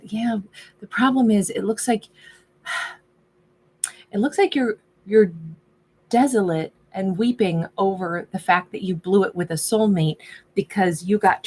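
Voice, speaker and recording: Husky-voiced woman reading tarot. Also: medium pitch, a little mellow. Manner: musing, chatty, voices the subject's inner thoughts. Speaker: tarot reader. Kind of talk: casual tarot reading monologue.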